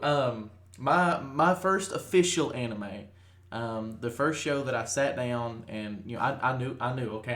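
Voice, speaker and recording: A young man chats loosely on a podcast, stacking fillers and restarting his sentences. His voice sits at a middle pitch, and the recording picks up plenty of room echo. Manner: rambling, many fillers and restarts. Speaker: podcast co-host. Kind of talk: casual chat.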